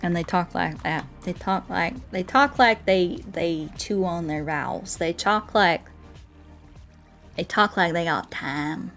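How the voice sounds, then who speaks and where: A woman's voice: fairly low pitch, slow pace, fairly bright tone. A woman from the United States with an American accent, chatting casually and playfully while streaming a game. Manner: chatty, playful, laughs often, talks to chat and animals. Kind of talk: casual gaming chat. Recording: faint music behind.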